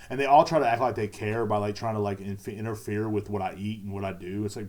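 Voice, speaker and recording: A laid-back man talks through his podcast in a loose, repetitive ramble, swearing freely as he goes. His voice sits a little low with a dark, mellow tone. He circles back over the same points instead of moving straight ahead. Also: steady tone, fast, hardly any pauses. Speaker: podcast host. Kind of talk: casual rambling monologue.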